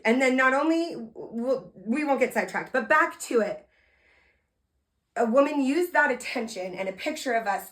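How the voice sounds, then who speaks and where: Telling listeners about a talk she gave to students, this medium-pitched woman podcast host sounds energetic and motivational, bursting into loud emphasis at times and dropping into soft, earnest asides. She addresses the audience directly and asks them to answer her questions.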